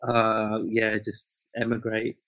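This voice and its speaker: A man's voice: on the low side, monotone, takes it slowly, a bit bright, dry recording, rough recording. A man co-hosting a podcast who talks in a hesitant, thoughtful way, often repeating words as he works out what he means. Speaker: podcast co-host. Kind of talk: casual chat.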